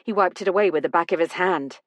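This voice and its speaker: A woman reading a first-person mystery novel aloud as audiobook narrator with an even delivery. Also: fairly low pitch, fast talker, no room sound. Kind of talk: scripted narration.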